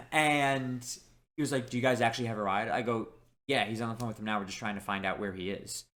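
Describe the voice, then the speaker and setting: A young man co-hosting a podcast, telling a story in animated, casual chat and quoting people as he goes. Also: mid-range voice, a little fast. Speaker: podcast co-host.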